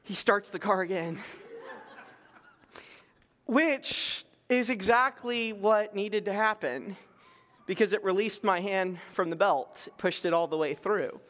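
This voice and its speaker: A middle-aged male pastor with a high, light voice tells stories to his congregation. He is conversational and animated and pokes fun at himself. His voice rings out with the long reverb of a large church sanctuary. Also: takes it slowly. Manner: conversational, animated storytelling with self-deprecating humor. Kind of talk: storytelling sermon.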